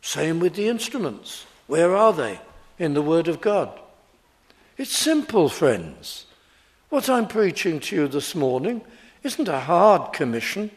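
A man preaching a sermon, slow and emphatic, asking his hearers rhetorical questions. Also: a little high, sing-song.

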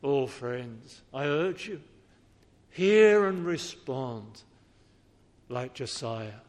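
A man's voice: mid-range voice, expressive, extremely slow. A man preaching a sermon in an earnest, pleading way, pressing his listeners with questions. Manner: earnest, pleading, rising to emphatic appeals. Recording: long reverb of a large hall.

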